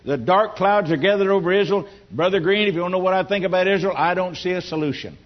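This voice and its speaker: Older Southern male preacher, homespun storyteller, slightly high voice, dull lo-fi recording. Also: quick pace. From Louisiana. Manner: storytelling, homespun, rising to emphatic bursts. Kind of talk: folksy testimony sermon. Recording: dull lo-fi sound.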